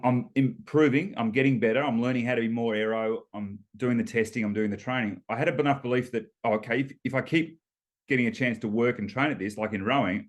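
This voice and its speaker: An Australian man in his fifties, a former rower, telling stories as a guest in a relaxed interview, laughing between points and restarting often. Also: medium pitch. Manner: chatty storyteller, laughs between points, many ums and restarts. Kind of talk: casual storytelling interview.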